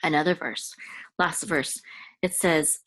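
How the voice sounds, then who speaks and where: A woman teaching biblical Hebrew, patiently sounding out letters and vowels and repeating words slowly for learners. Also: deep voice, a bit bright, dry recording.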